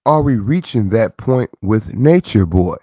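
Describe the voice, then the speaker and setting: His voice is lowish, warm, and husky, with lively intonation at a measured pace. The middle-aged man runs his own commentary channel and lectures in a casual monologue of rhetorical questions and repeated phrases, recorded echo-free in studio quality.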